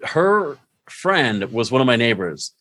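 A man's voice: medium pitch, big pitch swings, slow pace, a bit bright, dry recording. A man hosting a casual podcast, trading chatty, laughing anecdotes with his guest. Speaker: podcast host.

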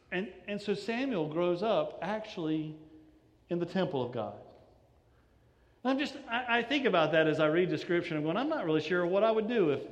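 A man's voice: a little high, in a large hall. A man preaching a sermon as pastor in a church sanctuary, conversational and often stumbling over repeated words.

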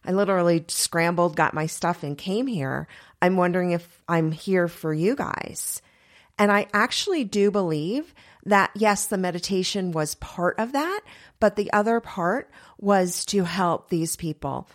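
Lower-voiced woman teaching on intuition. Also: lively intonation. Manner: earnest, chatty, laughs often; voices inner thoughts in quick asides. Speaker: spiritual teacher. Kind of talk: spiritual teaching monologue.

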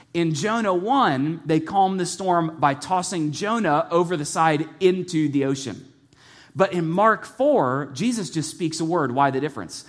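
Animated joking male preacher. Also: on the high side. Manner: animated, joking, shifts pace often. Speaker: pastor. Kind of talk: sermon.

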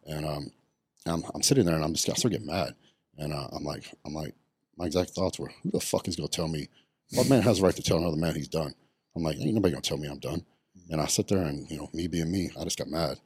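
A man's voice: very deep voice, husky, no room sound, clean studio sound. A middle-aged man, telling his story bluntly in a casual podcast interview, swearing often. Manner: blunt and profane, many ums. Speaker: podcast guest, retired bodybuilder.

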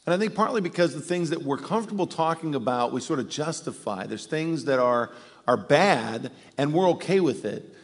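Middle-aged male pastor, fairly high voice, casual sermon delivery, long church reverb. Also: moderate pace. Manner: conversational, animated when acting out quotes. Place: church sanctuary.

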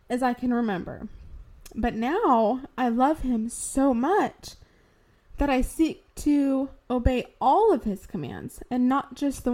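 A young woman with a slightly raised voice speaks slowly and deliberately, sharing her faith testimony. She sounds earnest and heartfelt, holding back tears as she goes. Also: a little high, darkish tone. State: tearful, fighting back tears. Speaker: podcast host sharing testimony.

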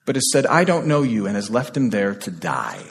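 A male pastor preaching a sermon with passion, repeating phrases and moving between loud, urgent lines and hushed ones. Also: fairly low pitch, big pitch swings, normal speed, creaky. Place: church sanctuary. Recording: long hall reverb.

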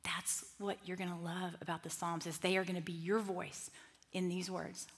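A middle-aged woman leading a Bible study group, talking in a lively, conversational way with asides and restarts. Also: fairly low pitch, moderate pace. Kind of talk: teaching talk to a group.

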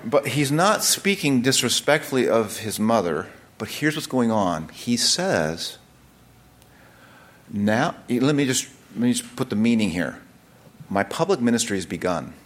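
A man delivers a scripture teaching sermon at a mid-range pitch. His delivery is relaxed and conversational, with frequent restarts and side remarks as he explains the text. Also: measured pace. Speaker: preacher.

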